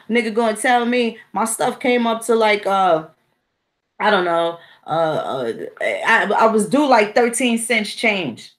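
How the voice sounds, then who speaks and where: A woman talks straight to her audience in a casual monologue. Her voice sits a little high, and she tells her stories bluntly, with plenty of profanity. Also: a bit bright. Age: 40s. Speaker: vlogger.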